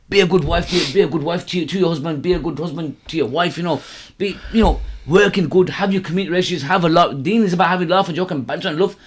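A man, a guest on a casual podcast, talking in street slang and breaking into laughter as he tells stories. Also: a little high. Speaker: interview guest, hijama practitioner.

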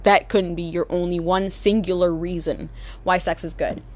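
A woman's voice: fairly low pitch, fairly even intonation, moderate pace, a little mellow. A young woman vlogging in a casual monologue, sarcastic and profane, rambling with lots of fillers.

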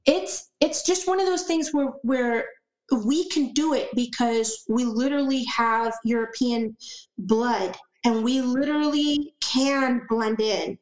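A woman's voice: on the high side, slow pace, a little mellow, echoey room, poor audio. A woman talking as a podcast guest in a casual conversation, emphatic and repeating words for stress.

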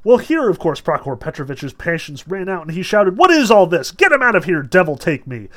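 A man's voice: fairly high pitch, expressive, moderate pace. A man reading aloud the breathless account of an agitated woman secretary, distraught over a strange visitor.

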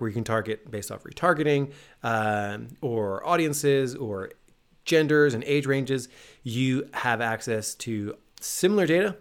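Upbeat man co-hosting a podcast. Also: medium pitch. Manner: upbeat, joking banter. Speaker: podcast co-host. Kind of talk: casual podcast chat.

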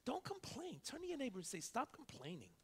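A man pastor preaching a sermon, who swings from quiet asides to loud preaching and tells stories with quick back-and-forth dialogue. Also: very high-pitched, huge pitch swings, slightly rough.

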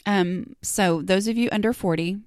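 A woman's voice: mid-range voice, moderate pace, no room sound, studio quality. A woman in her forties hosting a podcast, talking in a chatty, self-deprecating confessional way with many ums and asides. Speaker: podcast host. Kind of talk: casual confessional monologue.

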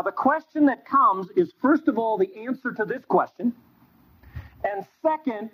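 Husky high-voiced male Bible teacher. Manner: animated storytelling with quoted dialogue. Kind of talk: classroom Bible lecture. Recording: dull lo-fi recording.

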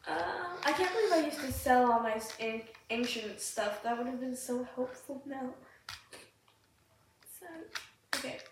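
A woman hosting a gaming podcast, chatting casually and excitably while she plays, giggling often and sounding sick. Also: sits high, unhurried. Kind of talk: casual gameplay chat. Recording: very echoey room, distant mic, faint hiss.

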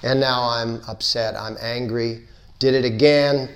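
Slow-speaking male spiritual teacher. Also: mid-range voice, fairly even intonation, a bit bright. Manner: unhurried, repetitive, playful build-ups. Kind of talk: lecture.

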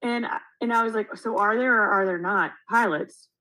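Young woman, podcast co-host, casual storytelling, animated, swears, acts out what people said. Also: mid-range voice, normal speed, low-quality recording.

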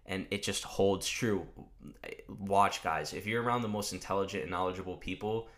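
A man hosting a podcast, giving a loose, energetic motivational monologue and swearing casually. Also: low-pitched, normal speed. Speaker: podcast host.

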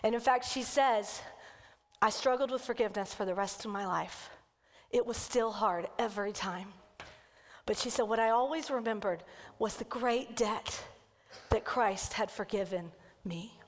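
A woman kids' pastor telling a story in a sermon and then leading the congregation through a slow, earnest breathing prayer. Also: mid-range voice. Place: church sanctuary. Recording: church hall with long reverb.

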